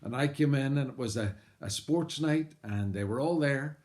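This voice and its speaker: A man's voice: medium pitch, moderate pace, a little mellow. A man with a Northern Irish accent, a missionary telling his life story as an earnest personal testimony, full of "uh" fillers and bursts of animation. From Northern Ireland.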